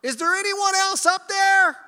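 A preacher acting out a terrified man clinging to a branch, pleading in frantic, high, strained yells. The shouts ring out through a long hall reverb. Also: a little slow, heavily acted. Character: panicked man dangling over a ravine.

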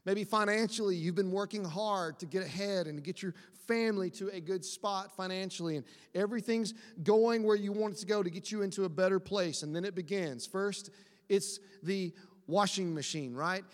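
A man's voice: high voice, normal speed. A man preaching a conversational sermon, acting out quotes in a whiny voice. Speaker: pastor. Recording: long hall reverb.

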